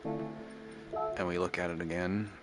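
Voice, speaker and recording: A man's voice: sits low, flat delivery, slow pace, loud music behind the voice. A man casually thinking aloud and rambling while playing a driving game. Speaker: gaming channel host. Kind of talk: casual gameplay commentary.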